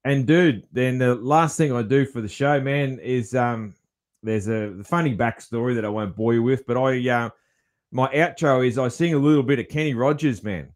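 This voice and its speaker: A man's voice: mid-range voice, normal speed. A man with an Australian accent hosting a podcast, chatting in a laid-back way and calling his guest "man" a lot. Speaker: podcast host. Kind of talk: casual interview chat.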